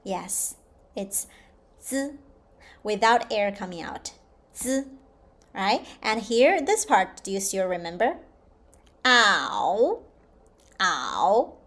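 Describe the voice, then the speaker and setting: A woman teaching a slow, patient language lesson, repeating each sound clearly for learners. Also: medium pitch, lively intonation. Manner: drawn-out, repeated model pronunciations. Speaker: Chinese teacher.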